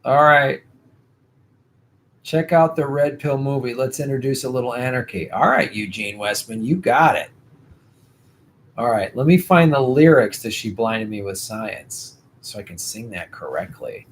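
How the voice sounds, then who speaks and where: A man's voice: medium pitch, expressive, a little slow, slight background noise. Tired, worn-voiced man hosting a livestream. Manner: rambling, chatty, swears casually. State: tired, losing his voice. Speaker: host. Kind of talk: casual livestream political commentary.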